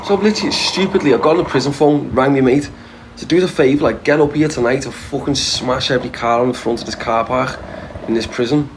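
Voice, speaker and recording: A man's voice: mid-range voice, quick pace. A man with a Liverpool accent telling a brash, boastful story, swearing freely and rambling with restarts. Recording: steady background noise.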